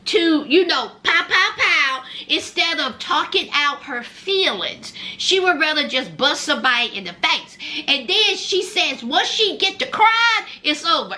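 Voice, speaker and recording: Woman vlogger, high, bright and swooping voice, sassy storytelling recap. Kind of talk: casual commentary recap.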